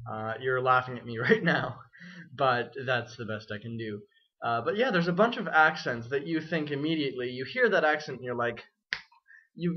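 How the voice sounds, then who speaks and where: A young man and student, talking in a wry, self-deprecating and rambling way in a casual vlog. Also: medium pitch. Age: young adult. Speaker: student vlogger. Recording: dull lo-fi webcam audio.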